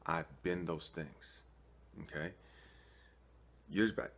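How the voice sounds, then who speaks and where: A man's voice: very deep voice, takes it slowly. A man from California preaching casually to camera, telling stories with street slang and acting out both sides of a conversation. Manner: animated storytelling, acts out both sides of a talk; streetwise slang, keeps asking "you know what I mean". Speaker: online preacher.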